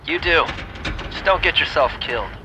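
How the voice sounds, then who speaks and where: A man's voice: a little high, animated, moderate pace, background noise, lightly acted. An actor playing a reluctant male fixer who talks in dry, curt lines in a video game. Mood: grudging.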